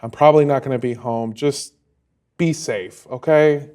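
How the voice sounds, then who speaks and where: A man's voice: medium pitch, steady tone, moderate pace, darkish tone, close to an everyday voice. A man voicing a tired, caring father who speaks in brief, weary phrases.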